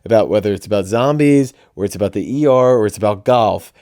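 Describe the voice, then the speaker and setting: A laid-back man co-hosting a casual podcast, talking in a lowish, mellow voice. He drifts along with easy agreement and swears freely. The sound is dry and close, with no room around it. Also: fast, dry recording. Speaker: podcast co-host. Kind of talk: casual chat.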